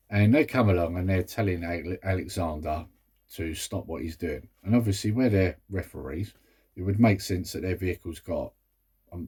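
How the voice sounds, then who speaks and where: A British movie review vlogger chats casually about a film, rambling with exasperated asides. His voice is low, husky and a little mellow.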